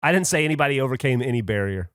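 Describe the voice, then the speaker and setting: A man's voice: medium pitch, expressive, rapid-fire, fairly bright tone, no echo, clean studio sound. A man co-hosting a podcast, teasing and joking with the others in casual banter. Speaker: podcast co-host. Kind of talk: casual chat.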